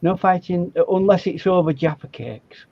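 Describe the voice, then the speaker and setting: A man's voice: sits high, normal speed, darkish tone, no room sound, highs cut off. A man teaching a painting demonstration over a video call, instructive and stammering as he starts sentences. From England. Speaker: art instructor.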